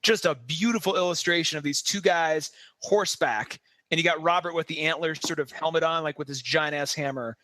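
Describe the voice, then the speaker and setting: Bright high-voiced animated man. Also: fairly quick, few pauses, dry recording. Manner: animated, laughing, acts out characters' lines. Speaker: podcast co-host. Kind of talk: casual chat.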